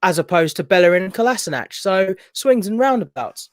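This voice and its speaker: Man, podcast co-host, analytical football talk, fairly high voice, dry sound. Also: animated, brisk, no echo. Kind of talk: casual football podcast chat.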